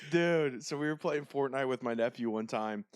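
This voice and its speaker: A man co-hosting a podcast, telling stories in casual chat with frequent laughter and dark jokes. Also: mid-range voice, moderate pace, clear, resonant tone, no echo, studio quality. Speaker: podcast co-host.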